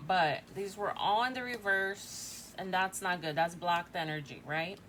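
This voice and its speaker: A woman's voice: on the low side, a little slow, fairly bright tone, slight background noise. A woman in her forties giving a casual tarot reading, chatty and thinking aloud, often tagging lines with "right?". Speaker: tarot reader.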